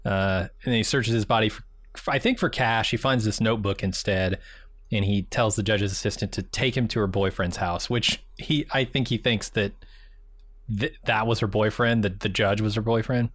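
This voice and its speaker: A man co-hosting a casual TV recap podcast, summarizing the plot in a plain, steady way. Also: lowish voice, normal speed, no room sound. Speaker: podcast co-host.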